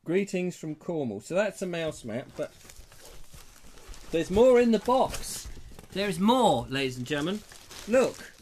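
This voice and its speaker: A man's voice: sits high, sing-song, measured pace, long pauses, a little mellow, slight background noise. A British man hosting a live online show, casually reading viewer comments aloud with playful jokes and asides. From Britain. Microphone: lapel mic.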